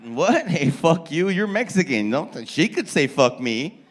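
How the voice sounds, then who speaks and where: A stand-up comedian does brash, profane crowd work in a comedy club while the audience laughs. His voice is on the high side and slightly rough, with big pitch swings at a normal speed.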